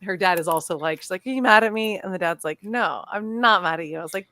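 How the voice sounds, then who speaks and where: Lively woman chatting about horror films. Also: lowish voice, fast. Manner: animated, laughing, acts out quotes. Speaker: podcast co-host. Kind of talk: casual chat.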